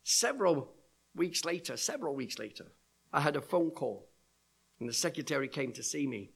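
A man's voice: a little high, big pitch swings, moderate pace, vocal fry, husky. A middle-aged man preaching, telling stories and acting out the voices of people he quotes. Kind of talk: sermon storytelling.

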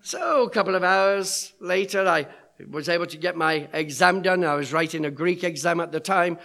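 Gravelly, bright-voiced male preacher. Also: high-pitched, moderate pace. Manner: animated storyteller acting out quoted voices. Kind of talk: sermon storytelling.

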